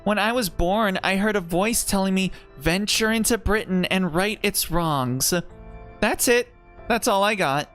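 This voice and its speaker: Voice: mid-range voice, a little slow, fairly bright tone, faint music behind, voice pushed up, natural voice. A streamer reading aloud the lines of a young female fairy from a game story, explaining things in a plain, matter-of-fact way.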